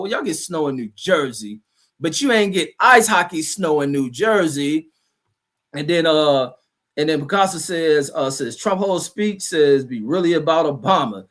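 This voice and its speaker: Man, livestream host, heated profane rant, rambling, slightly high voice. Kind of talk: profane live commentary reading chat comments.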